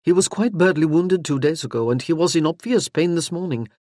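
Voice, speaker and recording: An audiobook narrator voicing a gentle, tender French nobleman who speaks low and slowly with a French accent. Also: dry recording, studio quality, close to an everyday voice. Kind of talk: audiobook character voice.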